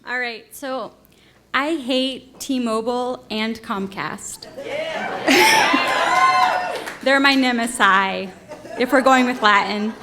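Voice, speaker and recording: A woman's voice: high-pitched, sing-song, very slow, long pauses, heavy background noise. A woman telling a comic, exasperated story on stage at a live storytelling event, swearing freely. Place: theater stage with audience.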